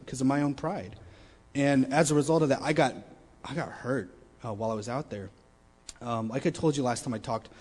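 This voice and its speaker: A young man sharing a personal testimony at a student meeting, candid and emotional, often dropping to a quiet low voice. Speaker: student speaker. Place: large meeting room. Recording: long reverb of a meeting hall.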